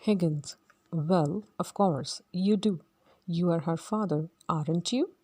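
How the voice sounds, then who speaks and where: A woman reading the part of an arrogant male phonetics professor, brisk and dismissive, in a read-aloud play. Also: fairly low pitch, a little mellow, breathy edge.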